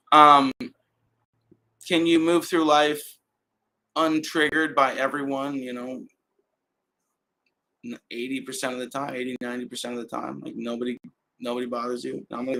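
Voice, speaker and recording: Gravelly-voiced man talking casually on a live stream. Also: mid-range voice, slight background noise. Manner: relaxed, rambling, conversational, frequent restarts. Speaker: host. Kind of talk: casual livestream talk. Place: indoor home setup with adjustable lights. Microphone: camera mic on a live stream.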